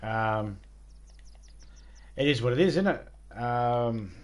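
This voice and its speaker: An Australian man talks to his live-stream chat while he plays, in a loose, rambling way. His voice sits at an ordinary middle pitch, and he mocks himself and swears without a second thought. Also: lively intonation, slow. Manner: rambling, laid-back, self-mocking, swears freely. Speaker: game streamer chatting with viewers.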